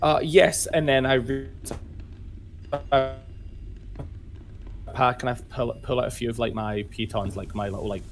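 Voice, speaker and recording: A man's voice: mid-range voice, steady tone, measured pace, pauses often, slight background noise. A man playing in a tabletop game, hesitant and stammering as he plays his character. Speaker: player. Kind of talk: tabletop role-play.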